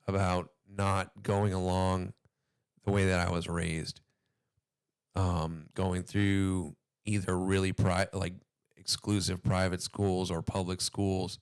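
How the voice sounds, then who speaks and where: Host, male, hoarse, low-pitched, profane and furious, slow delivery, dry close sound. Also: dry recording. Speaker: commentary video host. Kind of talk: reaction commentary.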